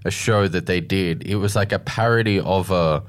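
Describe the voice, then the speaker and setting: A lower-voiced man co-hosts the radio chat, firing off playful, curious questions. He keeps it loose and conversational. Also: moderate pace. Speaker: radio co-host.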